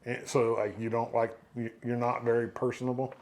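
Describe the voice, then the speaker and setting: A man's voice: medium pitch, flat delivery, a little fast, a little mellow. A man hosting a sports interview show, chatty and playful, often stumbling and restarting his questions. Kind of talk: casual interview chat.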